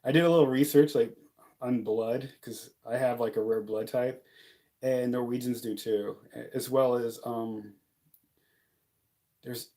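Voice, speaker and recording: Young man, casual rambling vlogger, jokey, mellow and relaxed in tone, mid pitch. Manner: rambling, joking, frequent fillers and laughs. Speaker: vlogger living abroad. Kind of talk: casual talking-head vlog.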